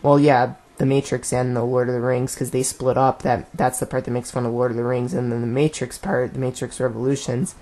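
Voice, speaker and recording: A man's voice: medium pitch, level tone, brisk, hardly any pauses, a little mellow. Laid-back rambling male commentator. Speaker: director of a web series. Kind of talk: casual director's commentary.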